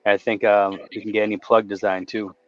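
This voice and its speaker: A man's voice: fairly low pitch, flat delivery, fairly quick, no echo, faint music behind. A man hosting a casual chat, rambling and swearing in a laid-back way. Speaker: stream host. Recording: dull lo-fi stream audio.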